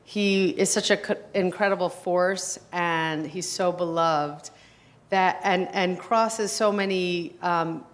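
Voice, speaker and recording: A woman filmmaker giving an award acceptance speech and taking audience questions, halting and full of fillers. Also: fairly low pitch, steady tone. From United States. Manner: halting, with many fillers and restarts.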